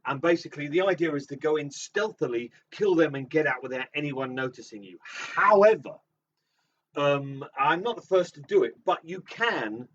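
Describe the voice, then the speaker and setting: A man's voice: fairly high pitch, lively intonation, fairly quick, few pauses, a bit bright. A man co-hosting a live show, chatting in a teasing way and explaining things loosely. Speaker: co-host and game streamer. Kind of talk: casual chat. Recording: distant, dull, faintly noisy.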